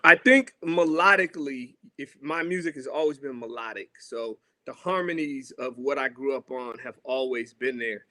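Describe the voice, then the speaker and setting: Animated man telling stories on a podcast. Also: mid-range voice, normal speed, hardly any pauses, dry recording. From Seattle. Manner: animated storyteller acting out quoted voices. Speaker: guest artist. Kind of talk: casual storytelling chat.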